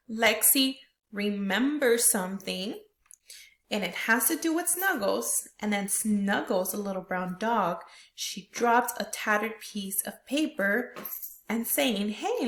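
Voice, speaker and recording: A woman teacher walking young students through a reading lesson step by step, often checking in with "right?". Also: mid-range voice. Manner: explains step by step, tags questions with "right?". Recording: roomy echo.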